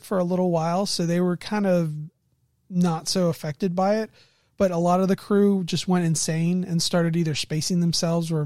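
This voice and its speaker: A woman game master casually recounting a tabletop game session, animated and laughing often. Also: fairly low pitch, no echo, studio quality.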